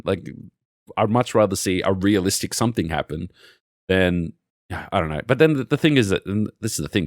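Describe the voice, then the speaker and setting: A man's voice: low voice, no echo, studio quality. An Australian man co-hosting a podcast, telling rambling, sweary stories in a casual chat. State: recently sick. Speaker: podcast co-host.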